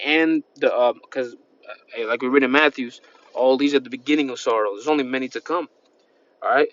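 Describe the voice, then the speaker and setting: Male preacher, loose and repetitive delivery, scripture readings, dull home-recorded audio. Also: medium pitch. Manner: rambling, repetitive, peppered with "man" and "all right". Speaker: street-style preacher. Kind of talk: informal sermon with scripture reading.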